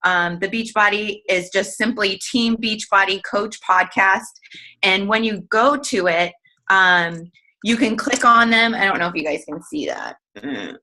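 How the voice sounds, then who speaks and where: A woman hosts an online team call in a casual, chatty way. Her voice is bright and forward, and she giggles now and then and leans on filler words. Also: mid-range voice, animated, measured pace, rough recording. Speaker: team leader hosting a coaching call. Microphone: online group call.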